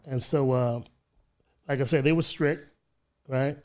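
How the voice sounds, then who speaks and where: A man in his sixties from Chicago with a Chicago accent, telling his life story as an interview guest in a measured way, often restarting his words. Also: mid-range voice, fairly even intonation, a little mellow. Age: 60s. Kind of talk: casual interview. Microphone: studio microphone.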